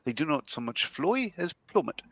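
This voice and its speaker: A man reads viewer comments aloud during a laid-back model-painting session, chuckling and wandering off on asides. His voice is bright and swings up and down a lot. The sound is close and dry, with no room around it. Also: a little high, very animated, moderate pace, dry recording. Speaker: co-host reading chat. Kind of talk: casual chat while model building.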